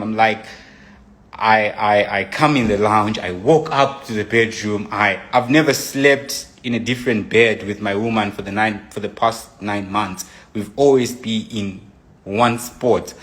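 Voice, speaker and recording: Man emotionally retelling a personal story. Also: mid-range voice. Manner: animated retelling, quoting his own texts aloud.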